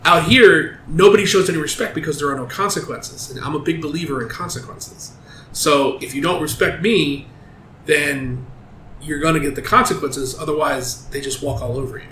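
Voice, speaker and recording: Animated man retelling a TV show. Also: on the high side, normal speed, a little hiss or hum. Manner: animated storyteller, swears freely. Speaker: podcast host. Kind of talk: casual podcast chat. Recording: roomy room with faint ambience.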